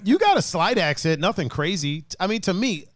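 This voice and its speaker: A man's voice: high voice, big pitch swings, a little fast, no echo. Host, male, East Coast accent, slangy and easygoing, dead dry mic. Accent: East Coast, D.C. and Baltimore slang. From Washington, D.C. area. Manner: laid-back, laughs often, slangy. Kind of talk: casual chat on a livestream.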